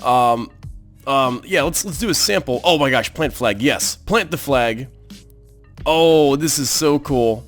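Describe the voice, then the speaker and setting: A man hosting a let's play, giving excitable gameplay commentary and exclaiming at what he sees on screen. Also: medium pitch, takes it slowly, faint music behind.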